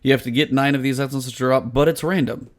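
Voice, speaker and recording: A man's voice: mid-range voice, steady tone, quick pace. A man co-hosting a gaming podcast in casual chat, sarcastic and exasperated as he picks apart game design. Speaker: podcast co-host.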